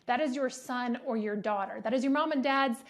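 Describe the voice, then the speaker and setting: A woman host with a slightly raised pitch talks in an earnest, personal way. She speaks openly, and her emotion comes through as she talks. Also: brisk. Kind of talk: interview conversation.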